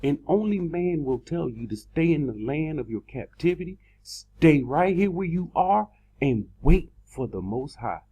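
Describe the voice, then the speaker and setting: A man delivers an emphatic sermon with a husky, mellow voice that sits a little high. He repeats words and drags out key phrases for emphasis. The recording is dull and lo-fi. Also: animated. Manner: emphatic, repeats words, slows down to stress points. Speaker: preacher. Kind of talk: sermon in an online video.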